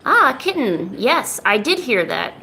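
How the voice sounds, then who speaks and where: A woman's voice: a little high, big pitch swings, measured pace, creaky, pushed and bright, a little hiss or hum. A woman chatting casually on an art livestream, playfully scolding her cat in a mock-stern voice.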